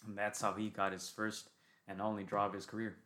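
Man, low voice, podcast co-host, casual boxing chat, storytelling, checks in with "right?". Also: little pitch movement, brisk, pushed and bright. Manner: storytelling, recounting a fight with frequent "right?" and "um".

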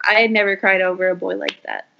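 A young woman co-hosting a casual chat podcast, playful and quick to giggle. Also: medium pitch, steady tone, vocal fry. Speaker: podcast co-host. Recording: dull lo-fi audio.

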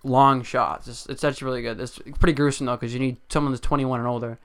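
Young man, podcast co-host, quick talker, profane, mock-angry, clear voice. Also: mid-range voice, fairly even intonation, a bit bright. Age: young adult. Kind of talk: casual chat.

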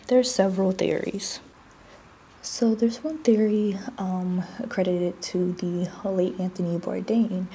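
On poor audio with a little hiss or hum, a young podcast host talks in a medium-pitched, creaky voice with a warm tone. She's chatty in her casual solo show, frequently restarting and now and then lowering her voice to a whisper.

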